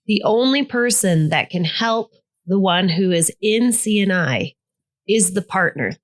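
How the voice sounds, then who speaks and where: A middle-aged woman who is a therapist, chatting casually on a podcast, asking clarifying questions and thinking out loud. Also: mid-range voice, animated, a little slow. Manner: asks probing clarifying questions, thinks aloud. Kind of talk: casual conversational podcast chat.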